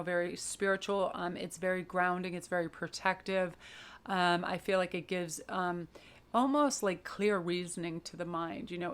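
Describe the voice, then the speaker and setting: A woman giving a pick-a-card tarot reading in an expressive, flowing, spiritual way. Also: lowish voice. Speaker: tarot reader.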